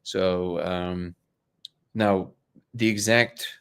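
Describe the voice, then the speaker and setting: Soft-spoken man rambling on a livestream. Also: deep voice, steady tone, very slow, clear, resonant tone. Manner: rambling, hesitant, many fillers and restarts. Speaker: livestream host. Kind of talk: casual live chat.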